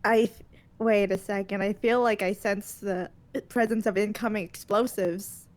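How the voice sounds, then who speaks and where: A woman's voice: medium pitch, steady tone, moderate pace. A woman playing a tabletop game, impatient and eager to fight. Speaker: player. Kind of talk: casual tabletop game play.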